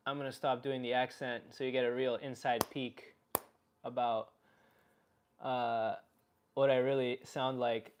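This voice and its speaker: A man from Canada chatting casually on a live stream in his own voice, relaxed and a bit hesitant. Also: mid-range voice, a little slow, pauses often, clear, resonant tone. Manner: relaxed, hesitant, musing aloud.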